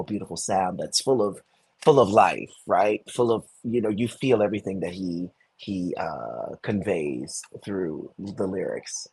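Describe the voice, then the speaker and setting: A man, a Broadway performer, telling animated stories in an interview, with many restarts. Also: low-pitched, slightly rough. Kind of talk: conversational interview.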